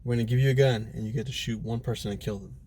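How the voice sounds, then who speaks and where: A man's voice: mid-range voice, steady tone, very fast, warm tone, slight background noise. A man co-hosting a podcast over drinks, telling loose stories in casual chat, swearing freely and laughing often. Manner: loose storyteller, swears a lot, laughs easily. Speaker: podcast co-host.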